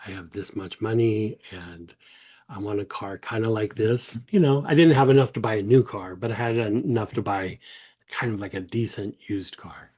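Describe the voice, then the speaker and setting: A man casually telling a personal story, rambling with many restarts and animated retold dialogue. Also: lowish voice, normal speed, breathy edge. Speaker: host.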